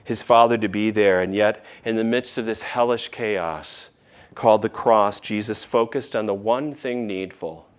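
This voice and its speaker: A man pastor preaching a sermon, shifting between raised emphasis and tender, hushed near-whispers in a church. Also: lowish voice.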